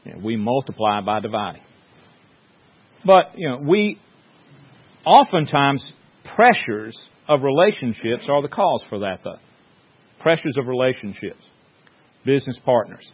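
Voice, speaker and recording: A man's voice: medium pitch, big pitch swings, unhurried, long pauses, slightly rough. A man preaching a sermon in a folksy, joking storytelling way, with many restarts. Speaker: pastor. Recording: dull lo-fi sound.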